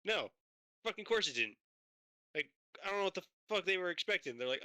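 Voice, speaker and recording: Animated, bright-voiced swearing storyteller man. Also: sits high, fast talker, smooth, dry recording. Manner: animated, swearing storyteller who acts out both sides of conversations. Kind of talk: casual chat.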